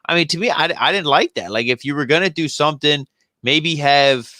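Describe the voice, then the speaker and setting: A man's voice: on the high side, brisk, bright, forceful tone, no room sound, clean studio sound. A man co-hosting a casual wrestling review show, rambling with lots of fillers. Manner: rambling, fillers, acts out wrestlers' lines in passing. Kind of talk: casual chat.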